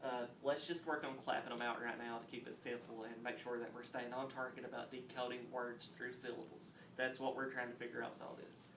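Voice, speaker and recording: A man teaching a phonics lesson on video, explaining step by step and clapping out words slowly. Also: mid-range voice, little pitch movement, noisy background. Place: classroom. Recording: roomy echo, mic at a distance, faint ambience.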